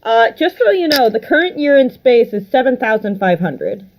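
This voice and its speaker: A woman's voice: a little high, sing-song, normal speed, a little hiss or hum, poor audio. A woman narrating and running a tabletop role-playing game, speaking hesitantly with fillers. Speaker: game master.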